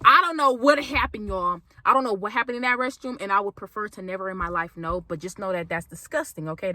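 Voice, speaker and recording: A young adult woman telling a college story to viewers in an animated, exclamatory way, repeating phrases for emphasis. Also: medium pitch, dry recording. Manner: animated, exclamatory, speaks straight to viewers as "y'all". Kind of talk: storytime vlog.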